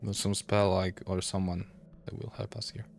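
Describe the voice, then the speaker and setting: A young man with a delivery, commentating a game and reading its text aloud, thinking out loud and laughing often. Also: sits low, level tone, normal speed, a little hiss or hum. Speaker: gaming YouTuber. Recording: gravelly voice over faint game ambience.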